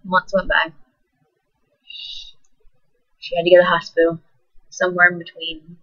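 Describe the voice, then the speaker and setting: A teenage girl telling a personal story in a soft, halting, emotional way. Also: fairly low pitch, completely flat delivery. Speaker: vlogger. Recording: dull lo-fi recording.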